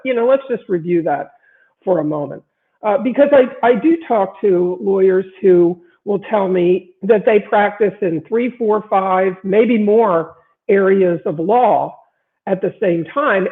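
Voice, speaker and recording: Tinny-sounding middle-aged woman giving advice. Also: medium pitch. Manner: conversational, with frequent "uh" fillers and restarts. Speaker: lawyer coach hosting a broadcast. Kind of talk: direct-to-camera advice talk.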